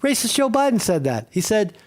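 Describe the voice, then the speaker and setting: A man's voice: sits high, very animated, fairly quick. A man hosting a livestream, ranting in a heated, profane way and repeating himself with many fillers. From Northeast Pennsylvania. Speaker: streamer host.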